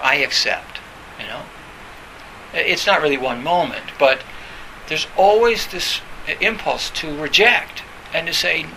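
A man with a gravelly, very bright voice gives a loose, conversational dharma talk. He is full of fillers and restarts, and now and then acts out the voices he quotes. A faint hiss sits under the recording. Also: fairly high pitch, low-quality recording. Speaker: meditation teacher.

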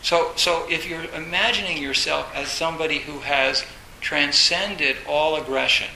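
A man gives a dharma talk in an echoey room with a faint hiss behind him. His voice is bright and a little gravelly, set somewhat high. He rambles and repeats himself, filling gaps with "uh" and "you know". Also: normal speed. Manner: rambling, repeats phrases, many fillers; acts out inner voices, bursts loud. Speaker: Zen teacher.

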